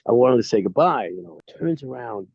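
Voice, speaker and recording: A middle-aged actor's gravelly, medium-pitched voice moves briskly as he tells interview anecdotes, casually and with energy, acting out the lines along the way. No echo here, just a dry, slightly dull sound.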